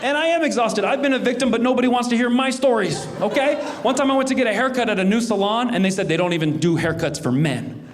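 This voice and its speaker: A man's voice: very high voice, quick pace, crowd noise. A male stand-up comedian telling self-mocking stories on stage to a live audience. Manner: animated, self-mocking, storytelling. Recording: live room with audience laughter and noise.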